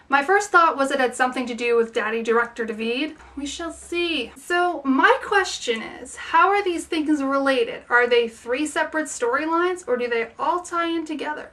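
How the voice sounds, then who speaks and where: High bright woman reviewing episodes. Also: moderate pace, few pauses, recorded from a distance. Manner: chatty, opinionated, rambling. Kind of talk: casual solo review.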